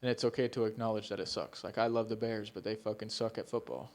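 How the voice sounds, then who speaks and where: A man's voice: lowish voice, fairly even intonation, fast talker, a little mellow. Rambling, swearing young man on a podcast. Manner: rambling, swears a lot, laughs mid-sentence. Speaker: podcast co-host. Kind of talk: casual chat.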